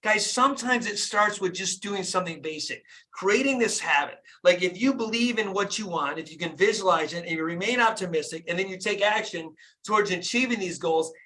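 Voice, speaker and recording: A middle-aged man hosts a group video call in a high, bright, forceful voice. He preaches in a fired-up way and drives his points home by repeating phrases. The sound comes through a call connection. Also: brisk. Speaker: dentist and business coach hosting a group call.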